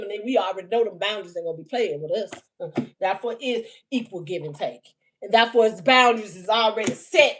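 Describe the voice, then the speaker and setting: Heated, profane woman reading a livestream message. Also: on the high side. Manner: profane, heated and mocking, often laughing; reads out messages slowly, word by word. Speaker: livestream spiritual reader. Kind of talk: unscripted livestream reading and rant.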